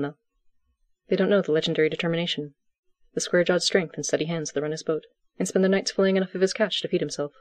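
Calm, dry storybook narrator. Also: mid-range voice, no room sound. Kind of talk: audiobook fiction reading.

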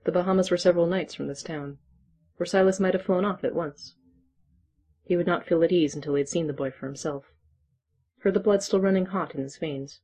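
Husky, mellow storybook narrator. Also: mid-range voice, fairly quick.

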